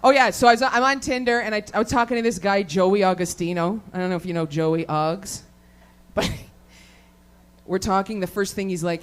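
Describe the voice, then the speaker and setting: A woman's voice: medium pitch, moderate pace. Lady comic, swears nonstop, rambly and crude, keeps cracking herself up. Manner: crude, rambling, swears constantly, laughs at own jokes. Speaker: stand-up comedian. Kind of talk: raunchy stand-up set. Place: comedy show venue with live audience.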